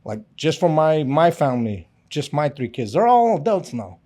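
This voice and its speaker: A man's voice: on the high side, sing-song, moderate pace, darkish tone. A middle-aged man co-hosting a podcast, talking in a blunt, emphatic casual way and laughing often. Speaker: podcast co-host. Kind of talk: casual chat.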